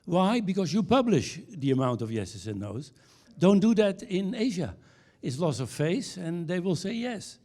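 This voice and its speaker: A man's voice: sits high, sing-song, a little mellow. A man giving a conference keynote. He tells anecdotes, restarts his sentences and ends on punchlines. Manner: anecdotal storyteller with halting restarts, ending on punchlines. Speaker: keynote speaker. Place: conference stage.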